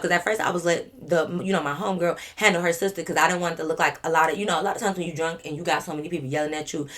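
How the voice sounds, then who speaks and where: A woman vlogger telling a story in a casual way, animated, emphatic and full of swearing. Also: fairly low pitch, fast.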